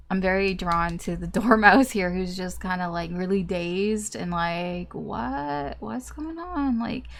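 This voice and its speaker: Chatty young woman reading tarot cards. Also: fairly low pitch. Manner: chatty, lots of fillers, acts out reactions. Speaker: tarot reader.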